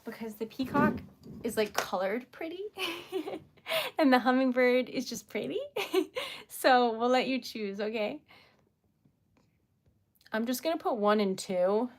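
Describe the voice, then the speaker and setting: A woman's voice: fairly high pitch, lively intonation, unhurried, pauses often. A young woman hosting a casual livestream, chatty and encouraging herself, sometimes dropping to a whisper while she concentrates. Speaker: livestream host making wax seal stickers.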